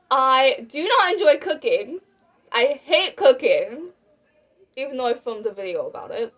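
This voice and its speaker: A young woman vlogging a casual Q&A, bubbly and rambling, often giggling at her own jokes. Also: on the high side. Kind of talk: casual Q&A chat.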